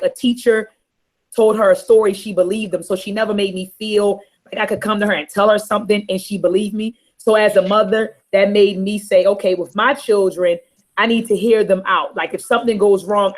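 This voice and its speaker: Middle-aged woman, candid, earnest, emotional, medium pitch, panel talk. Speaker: panel host. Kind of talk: personal storytelling in panel chat.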